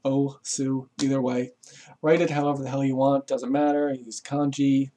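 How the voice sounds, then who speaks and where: A man's voice: medium pitch, little pitch movement, moderate pace, mellow, a little hiss or hum. A man giving a rambling, casual explanation to camera, full of fillers and swearing, chuckling as he goes. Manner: rambling, profane, chuckles often, lots of fillers. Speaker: vlogger.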